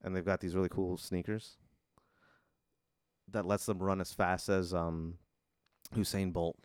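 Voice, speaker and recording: A man co-hosting a comedy podcast, telling an improvised hypothetical in a laid-back, deadpan way. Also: low-pitched, measured pace, clear, resonant tone, dry recording, studio quality. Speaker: co-host posing a hypothetical.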